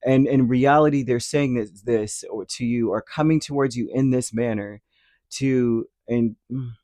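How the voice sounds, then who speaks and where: A tarot reader gives a casual reading, rambling with plenty of fillers and slipping into brief acted-out imagined quotes. His mid-range voice is unhurried and mellow, in a dry, studio-quality recording.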